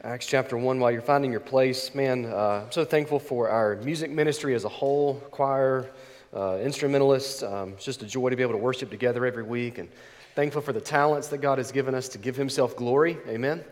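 A man's voice: mid-range voice, brisk. Congested male pastor in a reverberant church. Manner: chatty, warm asides, frequent fillers. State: congested, nasal from a cold. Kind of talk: sermon. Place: church sanctuary. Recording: long reverb in a church hall.

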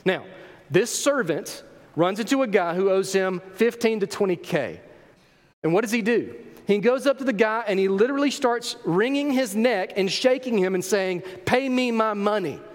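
A man preaching a sermon, telling the story with animated emphasis and rhetorical questions to his congregation. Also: high-pitched, moderate pace, long reverb tail. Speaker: pastor.

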